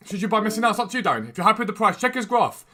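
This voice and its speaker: A man hosting a gaming livestream, chatting quickly and enthusiastically as he trades and answers questions from chat. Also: high voice, sing-song, pushed and bright, a little hiss or hum. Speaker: gaming streamer and video host. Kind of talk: casual livestream chat while trading in a football game. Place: room at home with a door.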